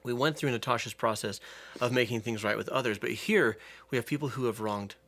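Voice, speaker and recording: A man's voice: mid-range voice, brisk, a bit bright. A man, a therapist co-hosting a casual film commentary, explaining earnestly. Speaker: co-host, therapist.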